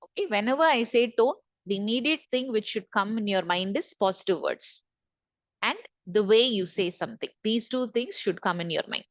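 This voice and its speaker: A woman's voice: fairly high pitch, no room sound. A woman trainer leading an online session, repeating key points and asking the group questions. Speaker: corporate trainer. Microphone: video call.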